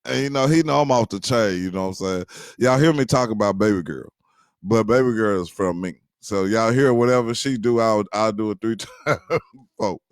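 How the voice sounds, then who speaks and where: Animated man telling a funny story. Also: fairly low pitch, normal speed, clean tone, dry recording, studio quality. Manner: animated, addresses listeners directly, many fillers. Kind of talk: casual storytelling to viewers.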